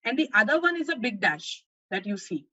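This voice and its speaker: A woman's voice: fairly high pitch, sing-song, brisk, sharp tone, dry recording. A woman teaching an online class, explaining step by step and checking in with her students. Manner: frequent fillers and restarts. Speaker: online course instructor. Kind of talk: live online grammar lesson. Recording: dull lo-fi online class audio.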